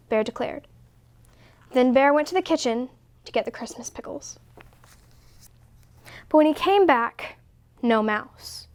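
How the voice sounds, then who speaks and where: High-voiced woman reading slowly. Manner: slow, expressive reading. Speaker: story reader. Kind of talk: storybook read-aloud.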